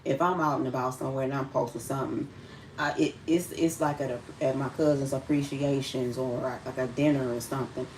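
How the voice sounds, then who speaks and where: A woman with a Detroit accent talks loosely to her livestream viewers, circling back and restarting her thoughts as she goes. Her voice sits very low. She is a little distant from the mic, and a faint hum of noise sits behind her. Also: fairly even intonation, brisk, darkish tone. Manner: rambling, conversational, with many restarts. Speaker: livestream host. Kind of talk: casual livestream talk.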